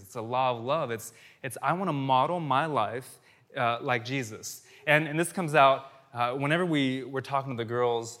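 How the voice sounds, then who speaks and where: A man in his thirties preaches in a chatty, conversational way, talking to the congregation like friends. His voice sits in an ordinary middle pitch. He leans in loudly on key points, then drops to a near-hush for asides. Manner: conversational, animated preaching that swings loud and soft. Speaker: pastor. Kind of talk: sermon.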